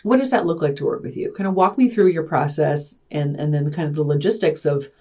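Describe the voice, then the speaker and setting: A woman hosting a podcast interview, asking questions in a relaxed, conversational way and sometimes searching for her words. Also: low voice, brisk. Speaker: podcast host. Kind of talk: casual interview talk.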